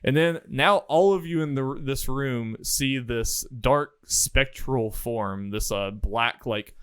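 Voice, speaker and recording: A man's voice: mid-range voice, takes it slowly, a bit bright, clean tone, no room sound. A man narrating as dungeon master, describing scenes with lots of fillers and restarts. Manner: rambling, filler-heavy description. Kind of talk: narrating a tabletop game.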